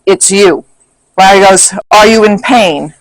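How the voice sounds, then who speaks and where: A man's voice: high-pitched, unhurried, dry recording, poor audio. A man casually recapping a paranormal investigation, reading back notes and quoting what others said.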